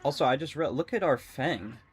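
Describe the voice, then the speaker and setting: A young adult man streaming a game, rambling and excitable, swearing often and talking to his chat. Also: medium pitch, fairly quick, slightly rough. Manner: talks to chat. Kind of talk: casual live-stream commentary while gaming.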